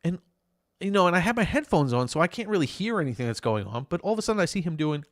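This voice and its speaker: A man with a New York accent, co-hosting a casual podcast chat and telling a story with lively, acted-out quotes. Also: on the high side, fast talker, no room sound, clean studio sound. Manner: animated storyteller, acts out quoted lines loudly. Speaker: podcast co-host. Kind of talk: casual chat over beers.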